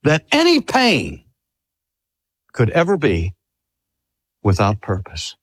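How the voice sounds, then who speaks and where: An older man, a pastor, preaching a sermon in a slow, measured way. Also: medium pitch, breathy edge, no room sound, clean studio sound. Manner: slow, measured delivery with lively rises and falls.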